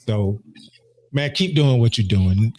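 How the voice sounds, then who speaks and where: A man's voice: fairly low pitch, takes it slowly, a little mellow. A man hosting a casual podcast, talking earnestly and often repeating and restarting his words. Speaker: podcast host and barber. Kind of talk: casual heartfelt conversation.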